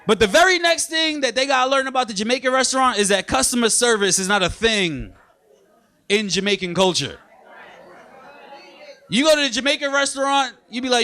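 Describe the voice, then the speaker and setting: A man from Brooklyn, doing a stand-up comedy set on a club stage with punchy, animated delivery. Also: extremely high pitch, fairly quick, a faint crowd. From Brooklyn, New York.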